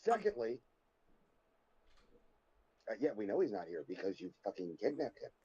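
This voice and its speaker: A man's voice: very animated, moderate pace, mellow, slightly rough. A man co-hosting a podcast, trading crude improvised comedy banter in a blunt, insulting way. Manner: blunt, insulting, swinging pitch. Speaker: podcast co-host. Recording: dull lo-fi audio.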